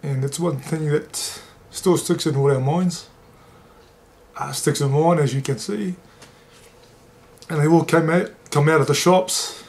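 A man, a former rugby league player telling an emotional story in an interview and getting lively when he quotes others. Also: on the high side, measured pace, pauses often. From New Zealand.

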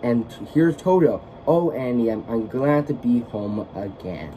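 A man's voice: mid-range voice, expressive, a little slow, dull audio, background noise, close to an everyday voice. A man voicing an earnest little farm girl in a storybook reading, stumbling slightly over the words.

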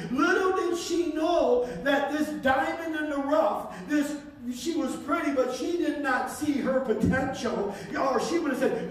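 High-voiced preacher in an echoing hall. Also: male voice, normal speed, a little hiss or hum. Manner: fervent, repeating phrases for emphasis. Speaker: pastor. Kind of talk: sermon. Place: church sanctuary. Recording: echoey hall, voice from far off.

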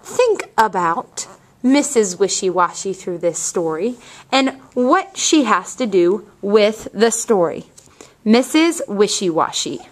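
A woman teacher reading a picture book aloud to young children and asking them questions in a clear, patient way. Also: mid-range voice, very animated, takes it slowly.

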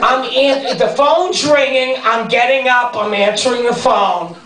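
A male stand-up comedian performing live on stage, ranting in exasperation and breaking into high-pitched shouting. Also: measured pace, very noisy. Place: theater stage before a large laughing audience. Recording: roomy live hall recording from a distance, loud audience.

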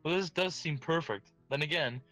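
A man's voice: fairly high pitch, moderate pace, sharp tone, faint music behind, rough recording. A man hosting a let's play, reading visual novel narration aloud in a casual, giggly way with joking asides.

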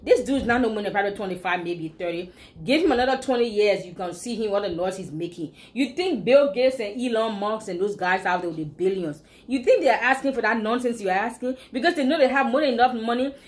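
Woman, Liberian English accent, blogger commentary, emphatic, scolding, rhetorical questions, slightly high voice. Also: animated, brisk. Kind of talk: opinionated commentary.

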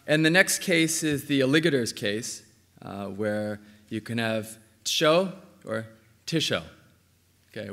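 A man giving an academic conference talk, measured, with frequent fillers. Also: medium pitch, a bit bright, big-room sound. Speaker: linguistics lecturer. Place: lecture hall.

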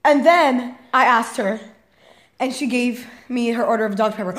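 A woman's voice: a little high, expressive, moderate pace, low-quality recording. A young woman vlogger telling a story to camera in a chatty, exasperated way, filling her talk with "like". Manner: chatty and exasperated, heavy use of "like".

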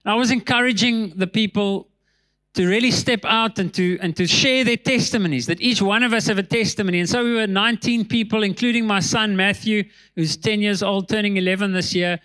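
A man, a pastor telling a story in a sermon, animated and laughing between lines. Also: fairly quick. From South Africa. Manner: animated, laughs between lines, drops voice low for tense moments.

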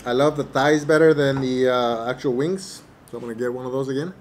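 A man doing a casual eating review to camera, relaxed and hesitant, with many fillers and chewing pauses, a little away from the mic. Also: mid-range voice, slight background noise. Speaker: mukbang vlogger. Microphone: camera mic at table distance.

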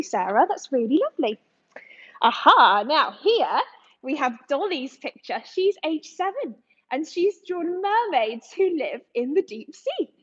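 A woman's voice: high voice, highs cut off. A woman from England, an aquarium educator, giving a live lesson to young children in a sing-song, encouraging way, speaking in front of a tank at the aquarium.

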